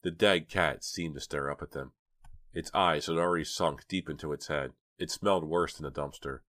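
A man narrating a novel in a steady, even storytelling manner. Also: a bass voice, moderate pace. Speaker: audiobook narrator. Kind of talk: scripted narration.

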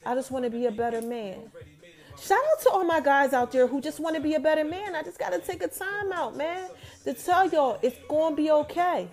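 A young adult woman casually recapping a TV episode, telling it in an animated way and talking straight to her viewers. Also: high-pitched, brisk, faint music behind.

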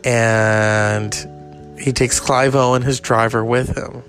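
A man's voice: mid-range voice, level tone, slow pace, fairly bright tone, soft background music. A man hosting a podcast, rambling in a crude, sarcastic casual monologue. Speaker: podcast host.

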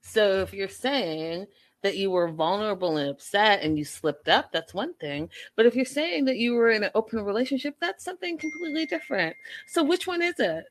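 A woman's voice: medium pitch, expressive, a little fast. A young woman giving blunt, sarcastic commentary in a casual way, swearing at times.

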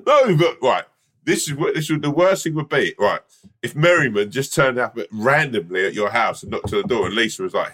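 A man's voice: fairly low pitch, fairly quick, a bit bright. A man co-hosting a podcast, chatting casually and laughing, acting out other people's lines in his stories. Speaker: podcast co-host. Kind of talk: casual comedic chat.

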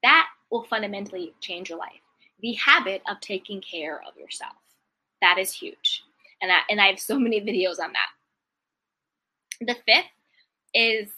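A woman's voice: mid-range voice, expressive, measured pace, long pauses, sharp tone. A woman hosting a self-help video, talking earnestly about gratitude and mindset in a casual monologue, repeating affirmations and briefly mimicking complainers. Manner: earnest, repetitive affirmations, acts out complaining voices.

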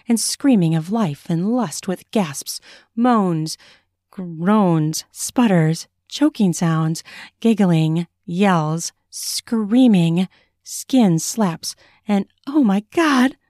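A woman author narrating an excerpt of her erotic fiction in a measured, sensual reading. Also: on the low side, mellow, no room sound, clean studio sound. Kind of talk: audiobook reading.

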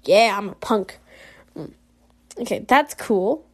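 A woman's voice: mid-range voice, animated, slow pace. A woman playing a story game and chatting through it in a giggly, casual way, reacting aloud to every choice. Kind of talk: casual let's-play commentary.

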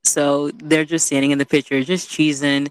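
A young adult woman telling a story in casual chat, animated and chatty, full of "you know". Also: sits low, normal speed, smooth, no room sound.

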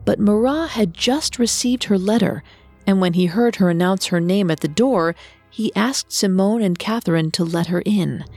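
Female true-crime podcast narrator, lowish voice, measured and dramatic, faint music bed. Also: darkish tone, no echo.

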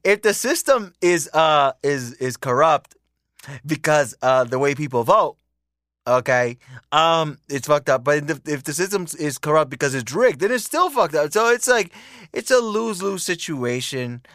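A man's voice: on the high side, expressive, measured pace, a bit bright, no echo. Profane ranting man, dry close sound. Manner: heated, profane, repetitive ranting. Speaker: podcast host. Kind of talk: casual political rant.

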